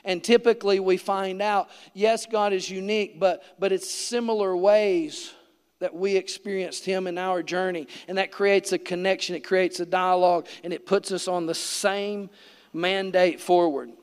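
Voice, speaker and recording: A man's voice: high-pitched, fairly even intonation, moderate pace, smooth, big-room sound. A man preaching a sermon in a church, telling his story earnestly and vividly. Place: church sanctuary.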